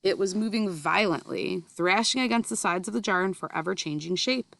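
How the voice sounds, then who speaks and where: A woman reading a children's storybook aloud in a steady, expressive manner. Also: mid-range voice, normal speed, vocal fry, hardly any pauses, no echo. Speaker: reader.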